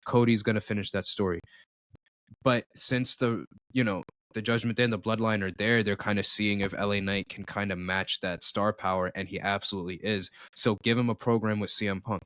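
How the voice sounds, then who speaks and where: A man's voice: fairly low pitch, fairly even intonation, fairly quick, a bit bright, no echo. Enthusiastic man co-hosting a podcast. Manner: enthusiastic fan opinions. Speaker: podcast co-host. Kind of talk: casual chat.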